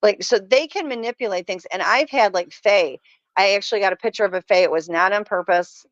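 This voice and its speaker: A woman's voice: mid-range voice, fairly quick, dry recording. A middle-aged woman guest telling stories in a casual chat, earnest and emphatic. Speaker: podcast guest. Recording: dull lo-fi sound.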